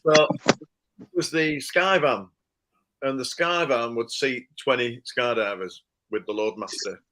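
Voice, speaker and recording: A man telling a casual anecdote, animated and laughing as he acts out the people he quotes. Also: medium pitch, measured pace, low-quality recording. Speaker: storyteller.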